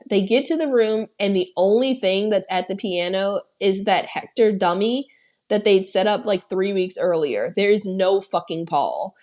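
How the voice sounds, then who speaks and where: A woman's voice: medium pitch, moderate pace. A woman co-hosting a podcast, retelling a horror film in casual, profane chat and acting out the characters' lines. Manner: animated, profane storytelling with acted-out quotes. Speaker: podcast co-host.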